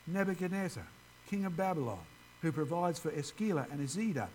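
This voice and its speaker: A man's voice: on the high side, animated, brisk, a little mellow, a little hiss or hum, poor audio. A man giving an informal ministry presentation, chatting directly with his audience. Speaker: creationist ministry speaker.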